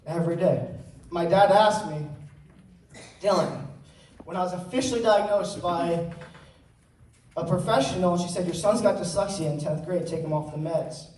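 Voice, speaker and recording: Young man, high voice, earnest storytelling, joking asides, roomy hall, mic at a distance. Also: expressive, measured pace, long pauses, darkish tone, slight background noise. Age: teens. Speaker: student speaker. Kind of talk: personal talk on stage. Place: large hall with audience.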